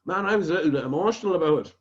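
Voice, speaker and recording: A man's voice: on the high side, expressive, rapid-fire, dull audio. A man with an Irish accent hosting a podcast, telling a rambling anecdote in casual chat and swearing freely. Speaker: podcast host.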